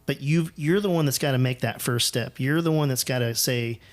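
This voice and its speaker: A man's voice: mid-range voice, moderate pace, few pauses. A man from the United States hosting a podcast, telling rambling, profane, self-deprecating stories in casual conversation. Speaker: podcast host.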